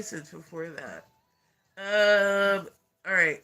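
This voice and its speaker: A congested man with a stuffy nose hosts a rambling livestream chat. His voice sits a bit high and rings very bright and sharp, broken often by laughs and casual swearing. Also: normal speed, soft background music. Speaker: livestream host.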